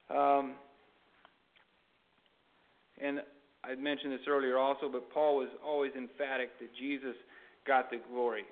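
A man preaching a sermon. He reads scripture aloud, then explains it in halting speech full of fillers and restarts. His mid-pitched voice comes through a narrow, tinny, phone-like recording.

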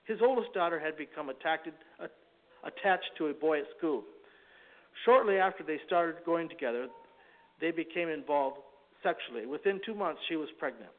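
A man preaching a sermon, reading a story from a book aloud in a halting, earnest way before speaking in his own words. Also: a little high, animated. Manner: halting, earnest reading with frequent self-corrections. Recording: tinny phone-like recording.

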